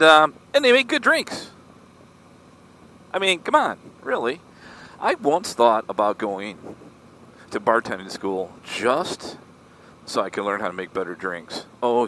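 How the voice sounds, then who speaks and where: A man's voice: medium pitch, bright, forceful tone, a little hiss or hum. A middle-aged man vlogging in a casual, rambling, joking way while riding a motorcycle. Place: outdoors on a moving motorcycle.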